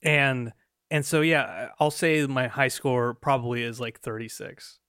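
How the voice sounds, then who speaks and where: A man's voice: medium pitch, steady tone, a little slow, a bit bright, clean tone, no echo, clean studio sound. A man in his thirties co-hosting a podcast, playful and laughing often, with many restarts as he explains. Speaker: podcast co-host. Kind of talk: casual podcast chat.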